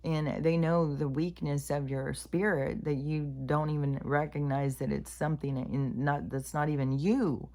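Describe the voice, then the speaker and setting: Very deep-voiced, blunt, profane woman. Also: steady tone, unhurried, hardly any pauses, mellow. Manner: plain-spoken, calls herself raunchy. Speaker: spiritual vlogger. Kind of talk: casual spiritual monologue to camera.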